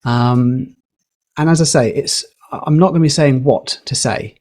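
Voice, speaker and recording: A man on a podcast, explaining communication skills in a lively, teacherly way with a few fillers. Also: mid-range voice, a little slow. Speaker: podcast guest, communication educator. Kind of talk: explaining, casual podcast chat.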